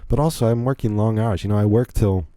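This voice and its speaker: A young man talks casually into a close mic, his low voice dark and mellow. He rambles and corrects himself often, poking fun at himself as he goes. The sound is dry, with no room echo. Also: fast. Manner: rambling, self-deprecating, many restarts. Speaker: podcast host. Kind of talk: casual monologue.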